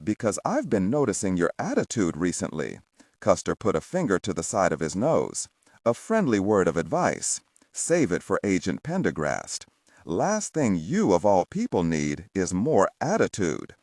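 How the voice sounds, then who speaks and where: A man's voice: low-pitched, wildly swooping pitch, moderate pace, darkish tone, dry recording, studio quality, exaggerated voice. A man voicing a blunt, pushy middle-aged police captain giving orders in an audiobook. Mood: bossy. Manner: blunt, pushy, rhetorical questions.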